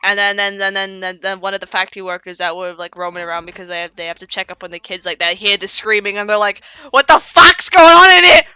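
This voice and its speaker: A woman streamer casually retells a story, rambling, restarting often, and acting out the characters' lines. Her mid-range voice is level, pushed, bright, and smooth, and she talks fast with hardly any pauses. A desk streaming mic gives a dry recording, with faint pop music behind her.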